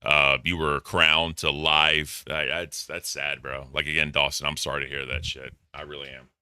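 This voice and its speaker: A man's voice: extremely low pitch, level tone, moderate pace, bright, forceful tone, clean tone, no room sound, studio quality. A man doing casual reaction commentary, blunt and profane, reading donor messages aloud. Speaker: commentary streamer.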